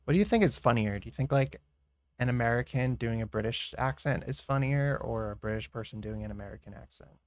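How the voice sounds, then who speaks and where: A man's voice: medium pitch, fairly quick, no echo. A man streaming while he draws, chatting casually with viewers in a rambling, giggly way.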